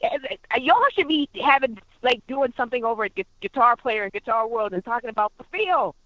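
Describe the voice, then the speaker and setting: Woman guitarist guest, gushing and exclamatory, high and lively, recorded dry. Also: a little fast, no echo, dull audio. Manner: effusive, exclamatory, animated. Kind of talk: podcast interview.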